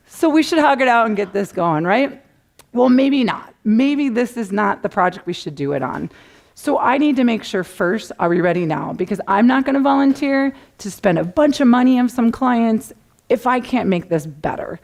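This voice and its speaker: A middle-aged woman giving a conference talk, animated and acting out clients' panicked voices. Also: fairly high pitch, moderate pace, gravelly. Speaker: conference speaker. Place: conference room.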